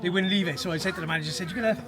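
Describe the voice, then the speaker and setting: Man, Cardiff accent, quick animated storytelling, higher voice, busy street with people around. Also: a crowd in the background. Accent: Cardiff Welsh. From Cardiff, Wales. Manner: animated, acts out quoted voices. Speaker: local resident interviewed on the street. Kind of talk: casual storytelling. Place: outdoors on a housing estate street.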